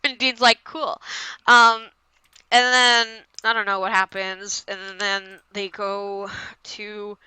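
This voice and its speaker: A woman's voice: medium pitch, little pitch movement, slow pace, pushed and bright, clean tone, dry recording, rough recording. A young woman co-hosting a podcast, casually recapping an episode in a rambling way, a little tipsy. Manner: rambling, trails off into mumbles. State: slightly tipsy. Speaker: podcast co-host.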